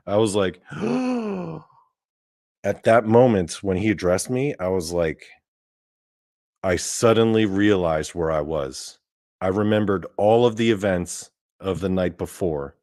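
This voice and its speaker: A man's voice: on the low side, a little mellow, dry recording, clean studio sound. A man hosting his own podcast, telling a first-person story in a casual, rambling way, with plenty of swearing, fillers and restarts. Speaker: podcast host.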